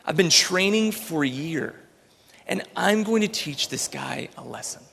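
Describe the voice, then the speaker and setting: Young martial arts student, quiet and resolved, voiced by a male speaker, with a gravelly edge, hall echo. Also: a little high, lively intonation, measured pace, slight background noise, exaggerated voice. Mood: determined.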